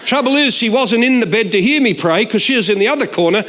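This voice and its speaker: Guest preacher, sixties, high voice, animated joking delivery that jumps into shouted punchlines. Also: male voice, fast, few pauses. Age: 60s. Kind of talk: humorous sermon storytelling.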